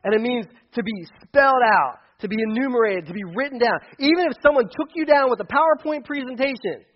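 A man preaching a casual sermon as pastor, animated and conversational, acting out quotes. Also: very high-pitched, quick pace, dull audio.

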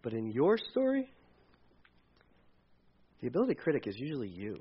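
A man preaching a sermon, animated and jokey, acting out a Bible story in voices. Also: mid-range voice, normal speed, breathy edge, muffled recording.

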